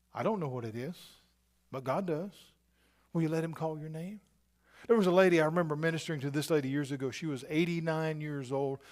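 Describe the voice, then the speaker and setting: A middle-aged man preaching a sermon as a pastor, talking conversationally with frequent tag questions and swinging between near-whispered lines and loud, emphatic bursts. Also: a little high.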